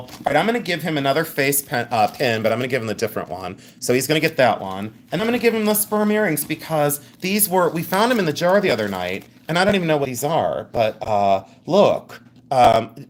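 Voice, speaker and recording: A woman's voice: deep voice, slight background noise. A middle-aged woman hosting a live jewelry sale in a chatty, joking way, laughing often. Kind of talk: live-stream sales chat.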